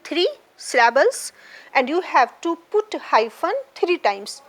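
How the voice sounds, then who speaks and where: A woman's voice: high voice, sing-song, slow pace. A woman, teaching an exam lesson and patiently explaining syllables and stress, often repeating words. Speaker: English teacher. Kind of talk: exam preparation lecture.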